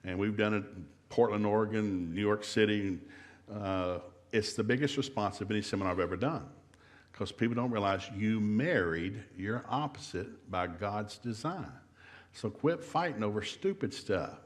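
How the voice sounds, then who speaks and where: A middle-aged man with a Southern US accent, giving a humorous marriage seminar in a church and acting out the voices in his stories. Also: fairly low pitch. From American South. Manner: fast-talking storyteller acting out quotes. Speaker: seminar speaker. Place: church hall.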